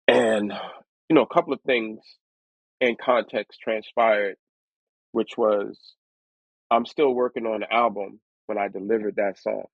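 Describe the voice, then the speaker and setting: Heard over a tinny, phone-like line with no echo, a guest rapper with a lower voice spins stories in an interview. He's lively and imitates the voices of the people he describes.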